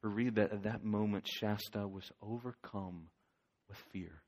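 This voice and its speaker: A male pastor preaching a sermon, swinging from loud urging to near whisper. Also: on the low side, a little slow.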